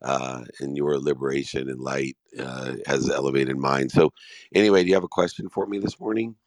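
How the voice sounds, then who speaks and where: Man in his 50s with a super low voice, motivational and emphatic, dry close sound, talking on an online call. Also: steady tone, brisk, no room sound. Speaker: host and business speaker. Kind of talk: live audio room Q&A.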